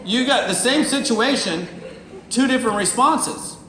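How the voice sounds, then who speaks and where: Man, high voice, motivational stage talk, jokey and animated, roomy hall. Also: unhurried, slight background noise. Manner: animated, joking, acts out little scenes. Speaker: motivational speaker. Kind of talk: live stage talk to an audience. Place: event hall with audience.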